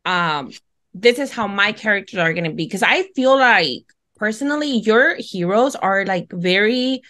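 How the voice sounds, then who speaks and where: A woman's voice: medium pitch, lively intonation, normal speed, a bit bright. Woman hosting a book podcast, chatty and enthusiastic when she asks stuff. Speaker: podcast host. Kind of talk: casual podcast interview.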